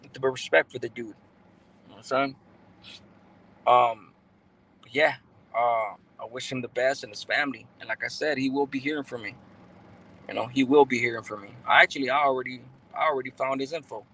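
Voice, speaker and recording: A man's voice: mid-range voice, steady tone, brisk, pauses often, pushed and bright, poor audio. A man hosting a casual livestream, reading out viewer comments and talking loosely with street slang and plenty of swearing.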